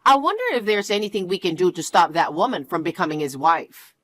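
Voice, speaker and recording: A woman doing a gentle apologetic mother. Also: fairly low pitch, expressive, brisk. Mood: concerned. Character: kind middle-aged mother, apologetic and protective. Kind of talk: one-voice story narration.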